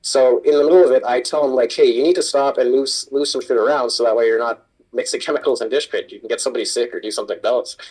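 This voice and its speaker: A man's voice: medium pitch, fast, a little mellow, slightly rough, low-quality recording. A man, a kitchen supervisor, telling a work story in casual chat and swearing a lot. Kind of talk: casual chat while gaming.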